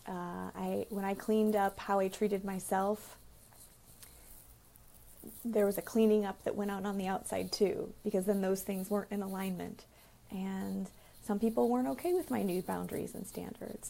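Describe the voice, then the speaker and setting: A woman therapist and relationship coach talking casually about boundaries, acting out quoted conversations with lively emphasis. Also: mid-range voice, moderate pace, gravelly. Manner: animated, acts out quoted dialogue. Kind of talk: casual advice monologue.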